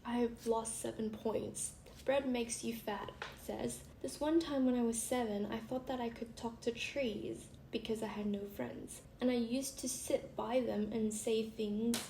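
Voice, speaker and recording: A woman's voice: a little high, steady tone, measured pace, few pauses, warm tone. A young woman vlogger casually reading funny stories aloud, chatty and giggly, often breaking off to laugh. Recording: echoey room with faint hiss.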